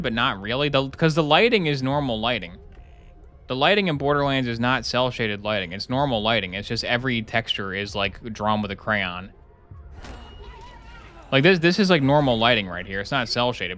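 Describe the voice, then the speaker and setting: Joking, bright-voiced male streamer. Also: mid-range voice. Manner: rambling, jokey, sarcastic asides. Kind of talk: casual commentary while gaming.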